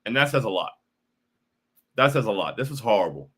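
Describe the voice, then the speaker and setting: A man's voice: fairly low pitch, big pitch swings, brisk, a bit bright, slightly rough. A young man hosting a postgame livestream, frustrated and repetitive, often saying bro while reacting to chat. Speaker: postgame show host.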